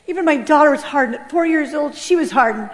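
A woman from California giving an emotional personal testimony, swinging between loud outbursts and hushed, low passages. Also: fast. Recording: long hall reverb.

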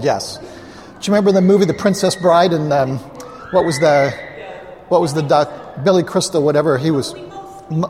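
A man's voice: fairly high pitch, moderate pace, darkish tone. Pastor man preaching in an echoing hall. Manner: conversational, anecdotal, with asides to the congregation. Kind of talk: storytelling sermon. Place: church hall, live before a congregation. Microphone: clip-on mic. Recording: long reverb of a large hall.

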